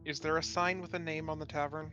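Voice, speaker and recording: A man's voice: fairly high pitch, level tone, quick pace, pushed and bright, lo-fi sound, soft background music. A man playing a tabletop game, chatting casually and teasing the game master with dry banter. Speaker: player.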